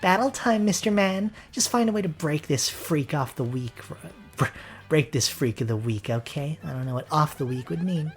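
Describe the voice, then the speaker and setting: A man's voice: on the high side, lively intonation, moderate pace, faint music behind, voice pushed up. Goombella, a sassy young student, voiced by a man. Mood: cheerful. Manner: sassy, upbeat, chirpy coaching. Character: peppy young female student sidekick.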